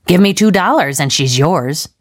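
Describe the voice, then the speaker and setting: A woman's voice: fairly low pitch, animated, moderate pace. A woman voicing a shrewd, toothless old woman who sells children, speaking in a sing-song way. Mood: callous.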